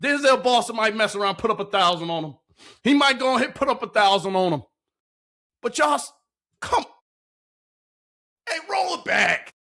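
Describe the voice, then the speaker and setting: A man hosting a sports video, talking loudly and excitedly into a microphone while commenting on game clips in a slangy, hyped-up way. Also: sits high, moderate pace, gravelly, long pauses.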